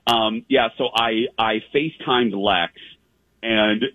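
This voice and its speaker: A man's voice: on the low side, fairly even intonation, takes it slowly, no echo. A man hosting a casual show, telling a long story in a rambling way with many fillers and restarts. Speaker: host. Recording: dry tinny phone-like line.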